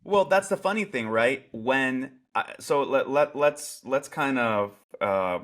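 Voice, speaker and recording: A man co-hosting a security podcast in casual chat, animated and profane, often restarting his sentences. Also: medium pitch, slow pace. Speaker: podcast co-host.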